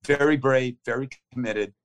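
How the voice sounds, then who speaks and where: A man in his fifties being interviewed, telling a story in urgent, clipped phrases that come out in a fast play-by-play. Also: medium pitch, steady tone. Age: 50s. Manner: vivid, urgent play-by-play retelling of combat. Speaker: interview guest. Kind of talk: conversational storytelling.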